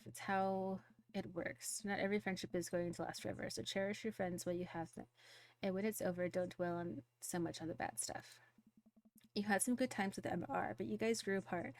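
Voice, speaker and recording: A woman voicing a gentle dad who gives his teenage daughter earnest, reassuring advice while reading a game's dialogue aloud. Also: mid-range voice, a little fast, natural voice.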